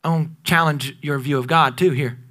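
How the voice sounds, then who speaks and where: A pastor in his thirties preaches with a high, forceful voice. He rises to loud emphatic bursts, then drops to hushed, drawn-out lines. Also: steady tone. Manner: dynamic preaching, swings between loud peaks and near-whispers. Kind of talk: sermon.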